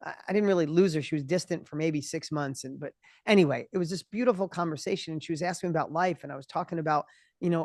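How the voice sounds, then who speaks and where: A man's voice: on the high side, no echo, clean studio sound. Passionate, restless middle-aged male guest. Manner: passionate, acts out other people's voices in quick bursts; repeats and restarts words when excited. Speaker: guest, entrepreneur. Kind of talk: energetic interview conversation.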